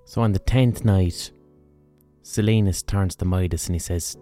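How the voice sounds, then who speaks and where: A man's voice: low voice, unhurried, warm tone, soft background music. A man with an Irish accent, a podcast host, telling a story in a casual, earthy way with plenty of slang and swearing. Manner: colloquial, earthy, swears freely.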